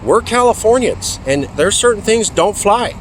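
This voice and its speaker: A man quoting his stern, proud mother in a raised, louder voice. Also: high voice, lively intonation, normal speed, voice pushed up, poor audio. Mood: firm. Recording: outdoor traffic noise.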